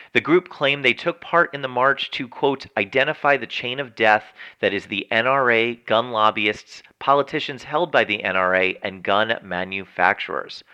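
A man hosting a news commentary segment, reading stories and adding his own chatty, opinionated remarks. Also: medium pitch. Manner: chatty, editorializing, animated. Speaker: news show host.

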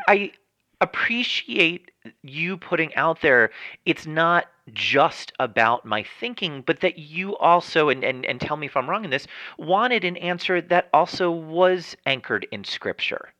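A man from New Jersey hosts a conversation, affirming and encouraging his guest. His voice is bright and forward, and the recording is dry and close. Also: on the high side, lively intonation, a little slow, no room sound. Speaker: interview host. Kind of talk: conversational interview.

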